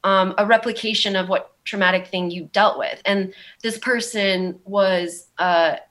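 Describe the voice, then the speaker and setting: A woman's voice: mid-range voice, steady tone, unhurried, a bit bright. A young woman with a Valley girl accent, telling her story in a rambling, candid way, full of "like" and "um". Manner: rambling, heavy use of "like" and "um". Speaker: guest.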